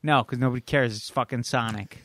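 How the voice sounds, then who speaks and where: A man's voice: mid-range voice, steady tone, fairly quick, fairly bright tone. A man co-hosting a podcast, chatty and joking as he gives his opinions. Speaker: podcast co-host. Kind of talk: casual chat.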